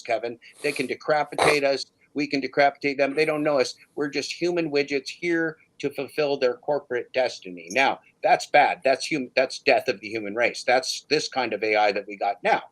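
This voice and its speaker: A man's voice: medium pitch, rough recording. A man hosting a livestream chat, ranting emphatically and repeating his listener's name for effect. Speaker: livestream host. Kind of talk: casual chat.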